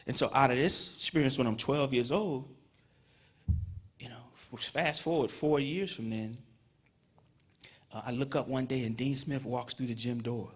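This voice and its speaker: Speaking at a moderate pace with long pauses, this man has a steady, medium-pitched voice with a breathy edge. He's from Petersburg, Virginia, and tells stories in a conversational Hall of Fame induction speech before an audience in a ceremony hall, sprinkling in plenty of "you know".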